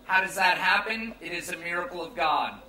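A man's voice: sits high, fairly quick, sharp tone, reverberant, distant mic, slight background noise, poor audio. A young American man preaching a youth sermon in a casual, joking, conversational way. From United States. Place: large tent at a campground.

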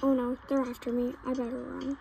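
A woman's voice: high-pitched, monotone, brisk, vocal fry, mellow, soft background music, low-quality recording. A woman chatting casually while role-playing a game, full of "like" and "oh my goodness" fillers. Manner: chatty, heavy use of "like" and "oh my goodness". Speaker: gamer narrating role-play. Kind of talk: casual gameplay role-play chat.

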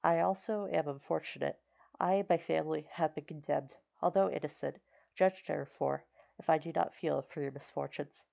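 A woman reading the lines of a kind, blind old man in exile, speaking softly and courteously to reassure. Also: sits low, moderate pace, vocal fry. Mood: gentle. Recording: slightly dull recording.

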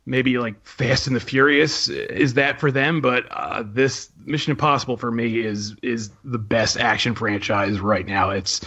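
A man's voice: mid-range voice, steady tone, a little slow, vocal fry, few pauses, bright, forceful tone, husky, highs cut off. A man on a podcast panel talking about films in casual chat, hesitant with many fillers and restarts. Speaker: podcast panelist, film writer.

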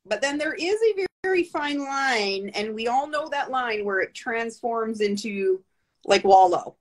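A woman talking in a casual interview over a video call, telling stories in a lively, chatty way with many asides. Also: a little high, unhurried. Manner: chatty, animated storytelling with asides. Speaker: guest with Bell's palsy.

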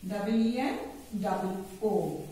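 Indian woman teacher, slow word-by-word phonics drill, distant mic in a boomy room. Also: lively intonation, mellow. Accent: Indian English. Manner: deliberate word-by-word dictation, repeating each word in lists. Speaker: kindergarten English teacher. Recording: echoey room, distant mic, faint hiss.

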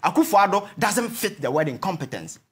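Impassioned Ghanaian man, very lively pitch. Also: a little fast. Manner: impassioned, emphatic, repeats phrases, mixes in Twi. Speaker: political commentator. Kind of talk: heated political talk show commentary.

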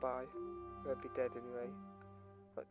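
A man's voice: medium pitch, monotone, normal speed, narrow, tinny audio. A man hosting his own gaming channel, chatting casually and rambling off topic while he plays, into his own microphone. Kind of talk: casual gameplay commentary. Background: game music.

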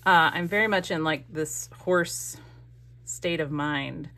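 A woman's voice: low-pitched, slow, sharp tone. A woman chatting casually while gluing a scrapbook, rambling and breaking off mid-sentence as she works on her own craft channel. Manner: chatty, rambling, self-interrupting.

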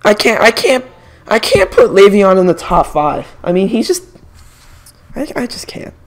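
A young man chats casually while streaming a video game, speaking at a normal speed in a high voice. He's a gaming streamer who gives animated, opinionated sports takes.

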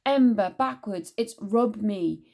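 A woman voicing a brave, fierce young girl in a storybook reading, with a bold, quick manner. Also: mid-range voice, animated, gravelly, dark tone, breathy edge.

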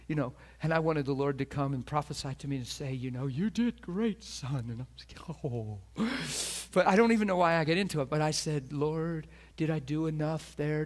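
Earnest male preacher telling a story. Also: a little high. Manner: earnest, animated storytelling with voiced quotes. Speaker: pastor. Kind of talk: sermon storytelling.

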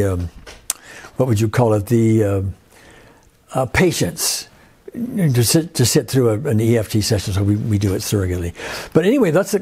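A man's voice: on the high side, warm tone, husky. A man, older, hosting and explaining in a casual way, rambling with restarts and fillers. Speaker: host.

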